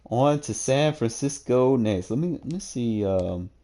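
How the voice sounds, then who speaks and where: A man's voice: mid-range voice, lively intonation, a little slow, mellow. A young man casually talking through his football video game stats, laid-back and slangy, often thinking aloud. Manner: laid-back, slangy, talks to himself while checking stats. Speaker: gaming streamer. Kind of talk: casual gameplay commentary.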